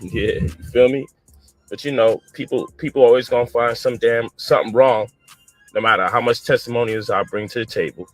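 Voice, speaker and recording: A man's voice: medium pitch, steady tone, a little fast, faint music behind. A man in a heated, profane live-stream rant, angry and exasperated. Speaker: online personality defending his program.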